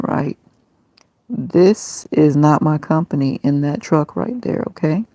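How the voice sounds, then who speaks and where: A woman with a gravelly, mellow voice talks on a livestream. Her monologue rambles from one grievance to the next, emotional and aggrieved. The sound is dry and close. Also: low-pitched, moderate pace, no echo. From Tampa, Florida area. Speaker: livestream host.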